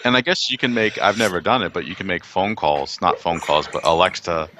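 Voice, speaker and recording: A man co-hosting a podcast, chatting casually as an animated storyteller with enthusiastic exclamations. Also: deep voice, fairly quick, background noise. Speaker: podcast co-host. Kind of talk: casual chat.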